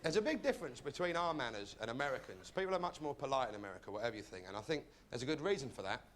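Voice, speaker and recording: A man hosting a comedy show, telling jokes with a deadpan manner and bursting into shouted put-on voices. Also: medium pitch, racing, background noise. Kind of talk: stand-up monologue and interview.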